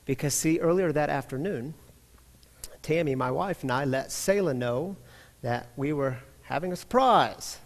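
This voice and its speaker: A high-voiced man in his thirties preaches from the pulpit, telling a story with lively, chatty energy. He talks directly to the congregation, and his voice rings out with a long reverb through the big church. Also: measured pace. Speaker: pastor. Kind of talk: storytelling sermon. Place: church sanctuary.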